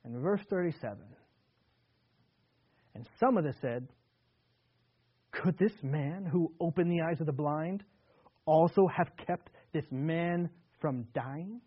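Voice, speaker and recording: A man preaching an earnest sermon in a slightly high voice, leaning hard on key words and then sinking into hushed, quiet tones. The sound is thin and tinny, like a phone-line radio broadcast. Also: slow, long pauses, breathy edge. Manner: earnest, repetitive restarts, swings between loud emphasis and hushed tones. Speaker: pastor.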